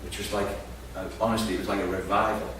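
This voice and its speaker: In a large, echoey hall, a preacher tells a humorous, self-deprecating story during his sermon, captured by a distant mic with background noise. His voice is lowish and a bit bright, with little pitch movement, and he talks fast.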